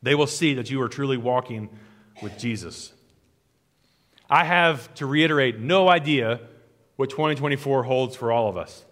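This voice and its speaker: A man, a pastor, preaching a sermon and leading a closing prayer, earnest and rhythmic, with his phrases falling softer at the ends. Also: medium pitch. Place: church sanctuary. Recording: long hall reverb.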